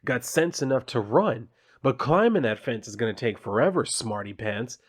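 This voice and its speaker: A man's voice: mid-range voice, lively intonation, moderate pace, close to an everyday voice. A man reading aloud the lines of a gleeful, taunting male alien symbiote killer from a comic, in a mocking, playfully menacing way.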